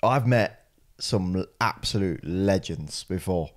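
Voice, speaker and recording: A young man, co-hosting a podcast in casual chat, often laughing and acting out what others said in a gruff voice. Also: deep voice, takes it slowly. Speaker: podcast co-host.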